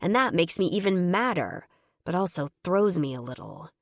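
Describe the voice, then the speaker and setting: A woman narrating an audiobook in the first person, measured and wry. Her voice sits a little low and the recording is dry and close, with no room sound. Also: big pitch swings, no echo.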